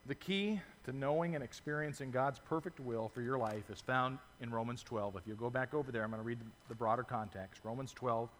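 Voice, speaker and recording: A man preaching a sermon as pastor, telling stories with lively acted-out voices and reading scripture to his congregation. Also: mid-range voice, brisk, few pauses, long reverb tail, slight background noise. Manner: animated storytelling, acts out voices in stories.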